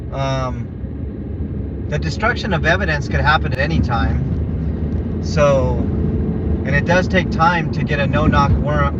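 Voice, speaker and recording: Outspoken male streamer driving, slightly high voice, heavy road noise. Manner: blunt and opinionated, chatting to viewers. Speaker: live streamer. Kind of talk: casual live-stream talk while driving. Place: car on the road. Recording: muffled lo-fi with loud road noise.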